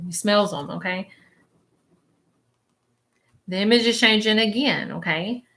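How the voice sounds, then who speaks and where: Her voice is a little bright and sits in the middle range, with a moderate pace broken by long pauses. As a medium reading on a live stream, she rambles through present-tense visions, hesitant and searching, often pausing to ask listeners "okay?"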